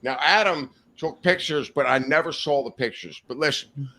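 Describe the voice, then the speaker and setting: A man's voice: mid-range voice, moderate pace, creaky, bright, forceful tone. A man, a podcast guest, telling a wild story in a rowdy, profane, laughing way. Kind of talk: casual storytelling. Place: studio.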